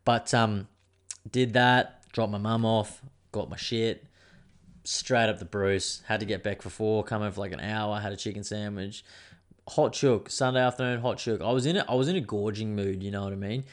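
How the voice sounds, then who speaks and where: A man's voice: lowish voice, normal speed. A young adult man, hosting a podcast in a rambling, sweary, laid-back casual chat. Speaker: podcast host.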